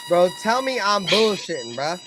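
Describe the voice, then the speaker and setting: A man hosting a live fan stream, ranting with heavy cursing, swinging between loud outbursts and low mutters. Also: very animated, moderate pace, music in the background. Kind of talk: profane fan rant.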